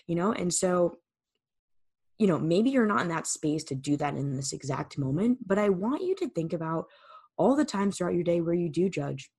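A woman's voice: on the low side, animated, moderate pace, darkish tone, husky. A woman hosting a solo podcast, talking candidly and casually, swearing freely and repeating words for emphasis into a microphone. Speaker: podcast host. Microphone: studio microphone.

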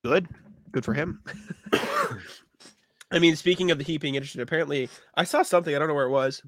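A man's voice: fairly high pitch, fairly quick, dry recording, clean studio sound. A young man co-hosting a casual sports podcast, sniffly from allergies, laughing often and joking loosely. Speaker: podcast co-host.

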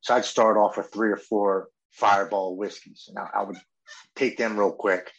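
A man's voice: lowish voice, fairly even intonation, moderate pace, a bit bright, muffled recording. A man in his thirties earnestly telling his own story of addiction and recovery, often quoting what he said and thought. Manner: earnest, emotional storytelling with quoted inner speech. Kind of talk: personal recovery testimony.

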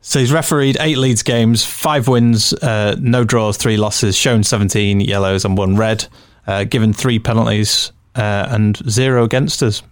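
A man co-hosting a casual football podcast, reading out stats and lists in a steady, measured way. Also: on the low side, no room sound, studio quality. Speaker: podcast co-host.

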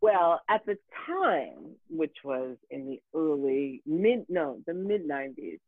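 A woman telling a story in casual talk, animated and profane, with many fillers and restarts. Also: low-pitched, takes it slowly, no room sound. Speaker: guest. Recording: tinny phone-like dry sound.

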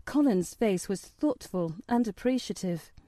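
A woman narrating an audiobook in a gentle, measured storytelling manner. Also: medium pitch, animated, no echo. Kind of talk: audiobook reading.

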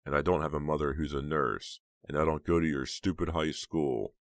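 A man's voice: a bass voice, moderate pace, dry recording, studio quality. A man playing a smug, cold teenage killer. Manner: calm, cold, self-satisfied. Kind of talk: audiobook character voice.

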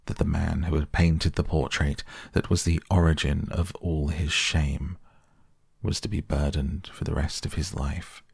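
A man reading a classic novel softly as a bedtime audiobook, slow and measured. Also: extremely low pitch, gravelly, slightly rough, no room sound, clean studio sound. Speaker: podcast reader.

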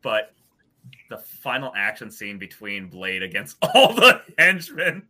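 A man in casual movie discussion, animated and laughing as he talks. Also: fairly low pitch, a little slow. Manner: animated, laughs while talking. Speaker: podcast panelist.

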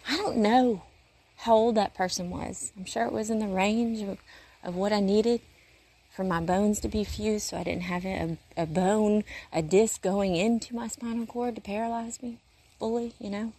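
Woman, earnest, rambling, preachy, casual faith talk, mid-pitched voice. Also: fairly even intonation, normal speed, mellow. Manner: paces while talking. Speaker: urgent care worker. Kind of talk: casual faith-based monologue.

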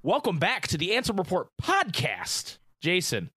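A man's voice: high voice, wildly swooping pitch, normal speed, pushed and bright, slightly rough, no echo, clean studio sound, soft background music. A man hosting a podcast in a casual, chatty and enthusiastic way, hyping up his guests. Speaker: podcast host.

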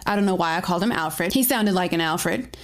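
A woman's voice: fairly low pitch, a little fast. Woman storyteller, first-person narration, dramatic, playful.

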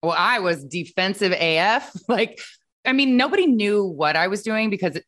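A woman hosting a casual interview, chatty and frank, quick to agree. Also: mid-range voice, expressive, fairly bright tone. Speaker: host.

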